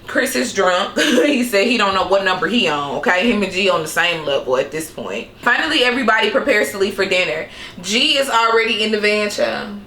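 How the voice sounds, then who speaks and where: A woman's voice: medium pitch, expressive, fairly quick, pushed and bright, reverberant. A young woman recapping a reality show in casual, sassy commentary, laughing often and throwing in slangy asides.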